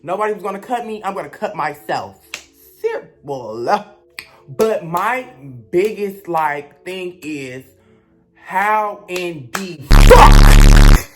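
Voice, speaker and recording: A woman's voice: fairly low pitch, lively intonation, slow, over music. A young woman, telling a blunt, gossipy storytime rant as a vlogger.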